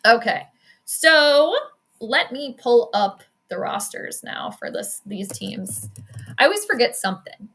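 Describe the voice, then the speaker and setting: Woman, upper-middle pitch, bright and forceful, chatty live-stream sports commentator. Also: expressive, slight background noise. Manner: chatty, quick reactions, frequent laughs and self-deprecating asides.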